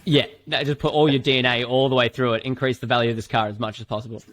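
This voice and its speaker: A man's voice: mid-range voice, fast, a little hiss or hum. Rambling Australian man, casual podcast. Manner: rambling, animated, frequent swearing and fillers. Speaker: filmmaker and podcast host.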